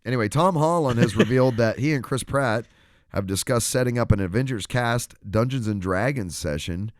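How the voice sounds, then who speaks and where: A man's voice: medium pitch, fairly quick, no room sound, clean studio sound. A young man co-hosting a podcast, reading news aloud with a joking, stumbling delivery in casual chat. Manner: stumbling over words, joking. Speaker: podcast co-host. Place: indoor room by a fireplace.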